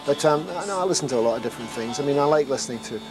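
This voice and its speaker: A man's voice: mid-range voice, expressive, very fast, loud music behind the voice. A man who is a singer-songwriter, telling stories in a rambling, amused way and often laughing through his words in a casual interview.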